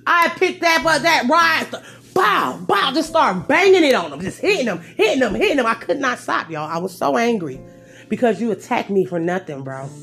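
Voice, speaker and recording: Animated woman telling a wild story. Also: normal speed, creaky, husky, soft background music. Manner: animated, swings from loud outbursts to low asides. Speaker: storyteller vlogger. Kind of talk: casual storytelling to viewers.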